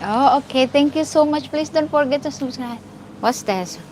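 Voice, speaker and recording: A woman's voice: sits high, moderate pace, a little mellow, a little hiss or hum, rough recording. A woman with a Filipino accent hosting a casual live stream, greeting viewers by name and laughing often. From Philippines.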